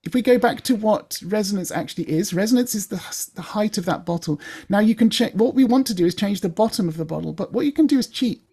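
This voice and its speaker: A woman's voice: medium pitch, expressive, fast, hardly any pauses, mellow, slightly rough. A woman, working as a voice coach, explaining in a chatty way and demonstrating sounds.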